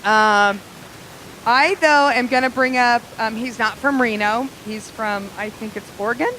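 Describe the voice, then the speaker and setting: A woman's voice: fairly high pitch, a little slow, sharp tone, a little hiss or hum, poor audio. Crude, rambling woman comic. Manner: crude, rambling storytelling with fillers. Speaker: stand-up comedian. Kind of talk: stand-up comedy set. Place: small live comedy club.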